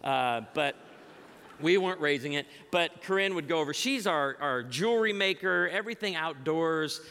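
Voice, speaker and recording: An animated male guest speaker from the Chicago area gives a humorous church message in a reverberant large church auditorium. At normal speed, his fairly high, clear, resonant voice tells stories and acts out quoted voices.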